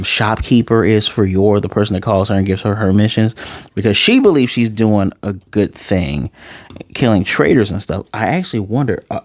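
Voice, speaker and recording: A man casually reviewing an anime episode, joking asides and quickly paraphrasing the characters' lines. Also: lowish voice, a little mellow, no room sound, clean studio sound. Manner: chatty, joking asides, paraphrases scenes in quick quoted voices. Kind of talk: casual spoken episode recap.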